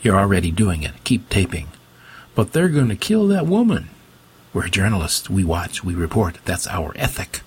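A man voicing a cold, ambitious woman news reporter who whispers crisp on-air lines in an audiobook. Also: low voice, normal speed, hardly any pauses, full character voice. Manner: hushed, crisp on-air delivery. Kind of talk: audiobook character voice.

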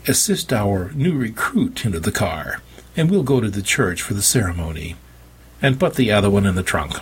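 A man's voice: on the low side, big pitch swings, normal speed, breathy edge, full character voice. A man doing a grandiose vampire prophet. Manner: grandiose, preaching. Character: smug male vampire cult prophet. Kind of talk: audiobook character voice.

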